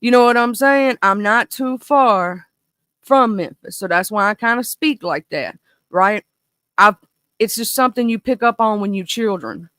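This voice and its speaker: A woman in her thirties with a Mississippi Southern accent, hosting a casual livestream chat in a goofy, animated, rambling way. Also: a little high, normal speed, no room sound. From small town in northern Mississippi, USA. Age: 30s. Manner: goofy, animated, talkative, goes off on tangents. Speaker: livestream host.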